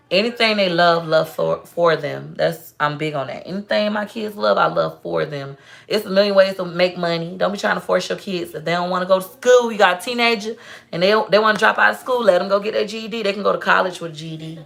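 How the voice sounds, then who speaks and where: A young woman talks straight to her livestream viewers in a loose, storytelling way. Her voice sits low, with a gravelly, fry-tinged texture. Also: a bit bright. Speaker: livestream host. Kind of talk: casual live-stream chat.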